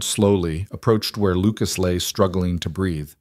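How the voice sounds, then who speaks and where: Low-voiced male story narrator. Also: a little slow, dry recording, studio quality. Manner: even, steady storytelling.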